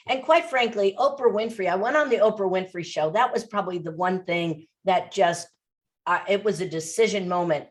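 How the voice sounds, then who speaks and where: A woman speaking as a podcast guest, pressing her points home with animated, repeated phrases. Her voice sits at a middle pitch. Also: normal speed. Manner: emphatic, animated storytelling with repetition. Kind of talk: interview.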